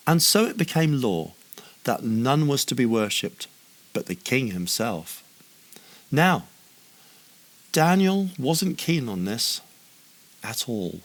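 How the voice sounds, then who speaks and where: A man's voice: medium pitch, sing-song, takes it slowly, pauses often. A man narrating a children's story with a playful, wry manner and humorous asides.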